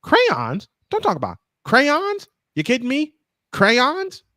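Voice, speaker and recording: A man's voice: very high voice, wildly swooping pitch, pushed and bright, dry recording, studio quality, voice pushed up, full character voice. A man putting on an incredulous old man voice. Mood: scoffing. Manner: incredulous, drawn-out questions. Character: gruff old man scoffing at crayons.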